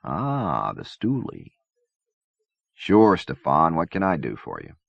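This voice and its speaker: A man's voice: deep voice, huge pitch swings, takes it slowly, gravelly, no echo, exaggerated voice. A man voicing a weary, sarcastic agent who answers in a dry, politely dismissive way. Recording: dull dry cassette-era recording.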